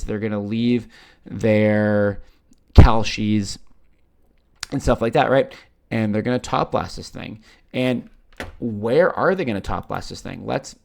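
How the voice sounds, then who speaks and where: Fairly low and a little mellow, this man's gravelly voice carries casual commentary over his screen for his crypto channel. He has a Canadian accent, curses offhandedly, and can't stop adding "right?" to his points.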